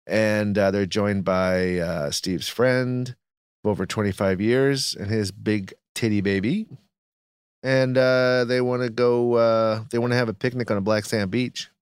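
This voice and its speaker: A man co-hosting a podcast, riffing in a casual comedic chat with animated, mock-outraged rants. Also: lowish voice, unhurried, clear, resonant tone, dry recording, clean studio sound. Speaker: podcast co-host.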